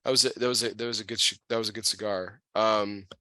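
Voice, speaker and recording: Bright, dry-sounding host mid-chat. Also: male voice, on the low side, dry recording. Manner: relaxed, halting, repeats words, smoking a cigar while talking. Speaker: podcast host. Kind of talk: casual interview chat.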